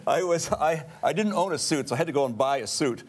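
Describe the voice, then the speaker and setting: A man's voice: on the high side, expressive, quick pace. A man in his sixties, a comedian guest on a talk show, telling anecdotes and chuckling often. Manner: chuckling storyteller, laughs often.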